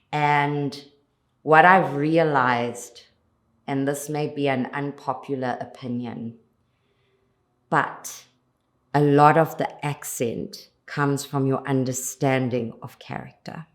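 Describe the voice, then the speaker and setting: A South African woman speaks in a very deep register for a woman, taking her time over each phrase. She sounds earnest and reflective, stacking repeated phrases one after another as an actress being interviewed. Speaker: lead actress, interview guest. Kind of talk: interview answers.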